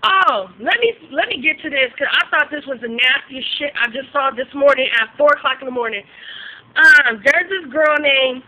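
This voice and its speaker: A woman's voice: high voice, animated, moderate pace, sharp tone, dull audio. A young woman giving blunt, profane gossip reviews as a vlog host, talking casually and getting outraged.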